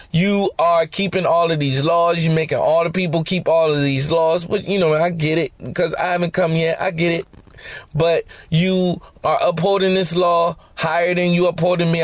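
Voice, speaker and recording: A man's voice: a little high, fairly even intonation, moderate pace, no room sound. A man hosting a podcast, teaching scripture in a conversational, slangy way with joking asides. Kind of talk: casual Bible teaching.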